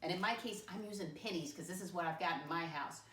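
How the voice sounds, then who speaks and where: A woman teaching young children from her home, speaking slowly in a patient sing-song that coaxes them along. Her voice is a little off the mic in an echoey room. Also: on the low side, distant mic, noisy background. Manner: slow, sing-song, encouraging, addresses kids as "my friends". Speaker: first grade teacher. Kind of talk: remote lesson for young children.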